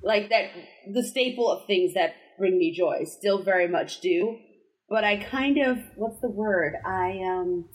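A woman's voice: mid-range voice, unhurried, low-quality recording. A woman from Massachusetts co-hosting a casual podcast, wry and self-deprecating, laughing often. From Massachusetts, USA. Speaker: podcast co-host. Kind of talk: casual chat.

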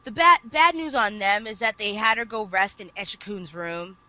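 A woman co-hosting a casual podcast, retelling an anime plot at length in an animated storytelling manner. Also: medium pitch, moderate pace, poor audio. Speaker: podcast co-host. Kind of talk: casual chat.

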